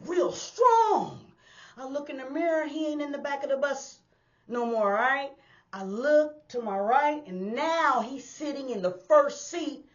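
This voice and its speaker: A woman who used to drive buses tells a personal street story in a casual, animated way, talking straight to her listeners and acting out the sounds. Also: on the high side, muffled recording. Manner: animated, addresses listeners as y'all, acts out sounds. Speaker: storyteller and former bus driver. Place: indoors on a hot day.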